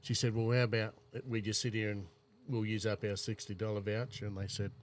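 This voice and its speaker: A man's voice: fairly low pitch, flat delivery, brisk, a little hiss or hum. A man with an Australian accent, casually rambling through travel anecdotes on a chat podcast. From South Australia. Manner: rambling anecdotal storyteller, laid-back.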